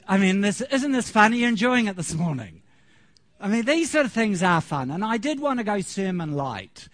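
A man preaching a light-hearted sermon who tells stories, often laughs, and talks to the congregation. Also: sits high. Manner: animated, laughing, storytelling. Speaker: pastor. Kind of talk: humorous sermon.

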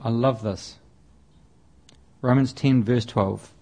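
A man giving a sermon in a relaxed, chatty way. His pitch sits in an ordinary middle range, and he often repeats words and restarts his sentences as he works through a passage. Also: slow pace. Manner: conversational, with frequent restarts and repetition. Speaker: preacher.

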